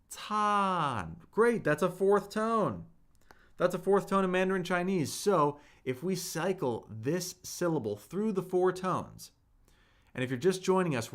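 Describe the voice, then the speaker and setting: A man leads a live-streamed language lesson at an unhurried pace. His pitch swings widely as he demonstrates each tone, and he restates every point patiently so viewers can follow. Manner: patient, repeats each point slowly, models tones aloud. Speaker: Mandarin teacher.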